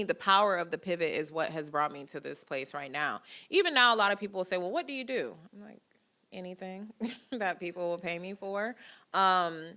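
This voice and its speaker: A woman in her thirties speaks to a lecture audience in a lower register with a bright, forceful edge. She tells personal stories in a lively way and acts out the dialogue in them. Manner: lively storytelling, acting out quoted dialogue. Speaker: guest lecturer. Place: lecture hall.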